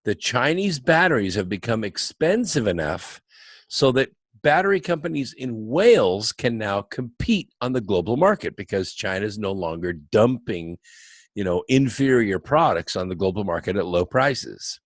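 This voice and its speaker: Lively low-voiced storyteller man. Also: normal speed, no room sound. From United States. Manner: animated, wry storyteller. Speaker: guest author. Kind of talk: anecdotal storytelling.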